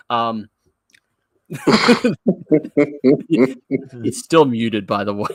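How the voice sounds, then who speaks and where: A man's voice: medium pitch, expressive, very slow, long pauses, no room sound. A man co-hosting a live review show in a loose, chatty way. His voice sits in a middle range and the sound is dry and close. He rambles and laughs as he goes. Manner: jokey, laughs often, rambling. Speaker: podcast co-host. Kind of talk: casual live review chat.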